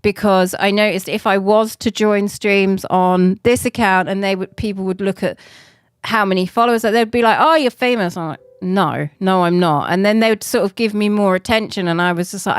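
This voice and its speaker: A woman's voice: mid-range voice, smooth, no room sound. A woman in her forties chatting casually to viewers on a live stream, rambling and laughing often. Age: 40s.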